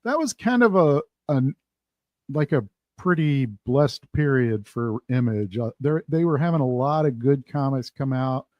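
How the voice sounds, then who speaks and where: A man's voice: mid-range voice, animated, measured pace, no echo, muffled recording. A man who is a guest on a casual chat show, talking in an easygoing way. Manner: easygoing, laughs often.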